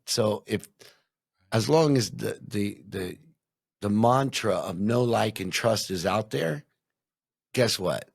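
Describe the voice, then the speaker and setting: A man's voice: fairly low pitch, lively intonation, slow pace, creaky, slightly rough, no room sound, studio quality. A man hosting an interview, responding with enthusiasm and thinking aloud. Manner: enthusiastic, thinking aloud with many "you know"s. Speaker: podcast host. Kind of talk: casual interview chat.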